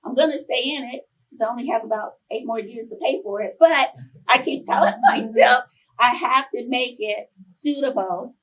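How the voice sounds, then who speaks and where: Chatty woman in her fifties, slightly husky. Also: on the high side, moderate pace, far from the mic, rough recording. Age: 50s. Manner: chatty, animated storytelling. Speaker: conference presenter and professor. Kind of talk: conference talk with personal stories. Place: conference room.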